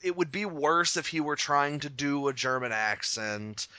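A man co-hosting a podcast in casual chat, wry and joking, with quick asides. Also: on the high side, lively intonation, bright, forceful tone, smooth, dry recording. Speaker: podcast co-host.

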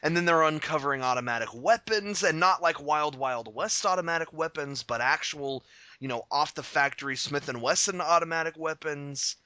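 A man co-hosting a podcast in casual chat, wry and joking, with quick asides. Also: a little high, sharp tone, smooth, no room sound. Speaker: podcast co-host.

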